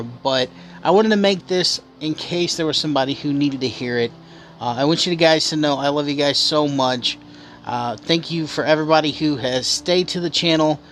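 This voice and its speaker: A man's voice: fairly high pitch, a bit bright, a little hiss or hum. A man hosting his channel in an off-camera voice-over, speaking earnestly and encouragingly to viewers. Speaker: channel host.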